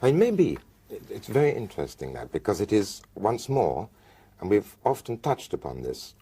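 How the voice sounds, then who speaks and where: A man's voice: on the low side, huge pitch swings, moderate pace, dark tone, husky. A man, a writer, musing in conversation about how he works, searching for words. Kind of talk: reflective conversation about writing.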